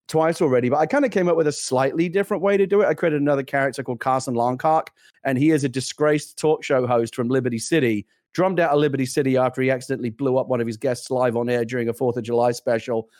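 A man's voice: mid-range voice, no echo, studio quality. A middle-aged British man chatting on a podcast, telling stories animatedly with frequent laughs and restarts. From Britain. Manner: animated storyteller, laughs often, many restarts. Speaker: podcast co-host. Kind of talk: casual chat.

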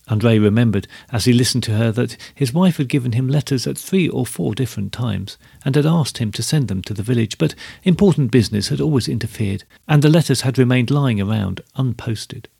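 A man reading a story aloud as narrator, in measured, even storytelling. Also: mid-range voice, vocal fry, slightly rough, no room sound, clean studio sound.

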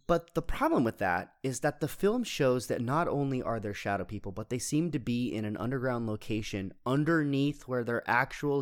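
A man co-hosting a casual podcast, picking apart a movie's logic and laughing easily. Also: medium pitch. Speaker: podcast co-host.

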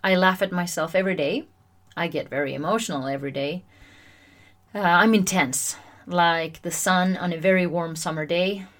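A woman hosting a solo self-help podcast, chatty and animated, often poking fun at herself. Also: on the low side, moderate pace. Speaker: podcast host.

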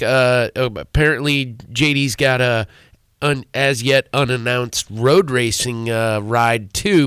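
A man's voice: mid-range voice, fairly bright tone, clean tone, dry recording, clean studio sound. A man co-hosting a sports talk radio show, asking long, rambling questions.

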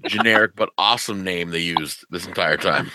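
A man on a podcast, breaking in with short joking comments. His voice is bright and mid-pitched, and it sounds dry and close. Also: a little fast, no echo. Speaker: podcast co-host. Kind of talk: casual podcast chat.

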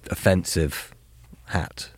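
A man's voice: slow pace, dry recording. A man co-hosting a podcast, chatting casually with dry, sardonic asides. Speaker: podcast co-host. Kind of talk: casual music review chat.

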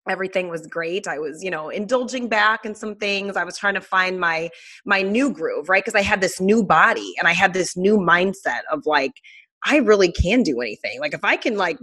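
A woman in her thirties, a guest telling a personal story in a casual, animated way with many fillers. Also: fairly low pitch.

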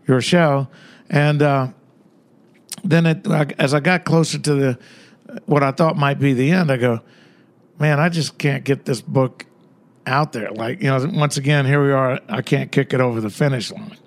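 A man's voice: mid-range voice, steady tone, moderate pace. An older man, a guest author, telling stories in a rambling, conversational way with many fillers. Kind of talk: casual storytelling interview.

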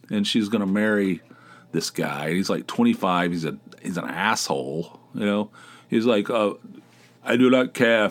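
A middle-aged man hosting his own podcast, chatting casually in a rambling, wry way and swearing freely. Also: fairly low pitch. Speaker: podcast host. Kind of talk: casual solo podcast chat.

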